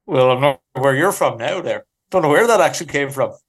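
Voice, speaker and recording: A man impersonating a chummy male radio host, with slow, sing-song broadcaster patter. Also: medium pitch, expressive.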